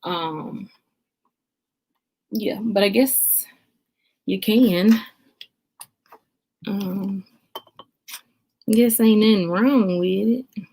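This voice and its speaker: A young woman hosting a casual livestream, chatting and greeting viewers by name with lots of filler pauses. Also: medium pitch, vocal fry, dark tone, breathy edge. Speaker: livestream host.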